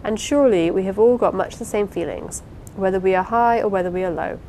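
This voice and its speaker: Eager, apologetic young wife who rushes to make amends, read by a woman, mid-range voice over a faint low rumble. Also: warm tone, close to an everyday voice, low-quality recording. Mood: earnest. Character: impulsive warm-hearted young wife. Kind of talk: audiobook character reading.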